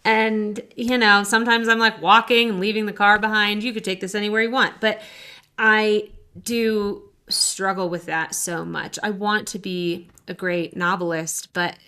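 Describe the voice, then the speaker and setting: A woman's voice: mid-range voice, level tone, moderate pace, bright, forceful tone, clear, resonant tone. A woman in her thirties co-hosting a podcast, chatting candidly and self-deprecatingly about her writing doubts. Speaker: podcast co-host. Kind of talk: casual chat.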